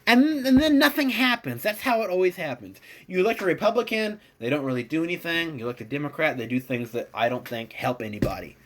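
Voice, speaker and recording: A man's voice: on the high side, sing-song, fast talker, hardly any pauses, fairly bright tone. Sarcastic, opinionated male podcaster. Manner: opinionated and sarcastic, rambling with fillers. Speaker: podcast host. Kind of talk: casual opinion monologue.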